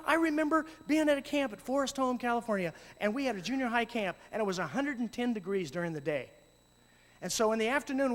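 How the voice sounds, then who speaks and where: A man telling lively stories to an audience as a youth ministry speaker, acting out voices and shouting at times. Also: high voice. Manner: animated, acts out voices and shouts. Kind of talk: storytelling talk to an audience. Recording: long hall reverb.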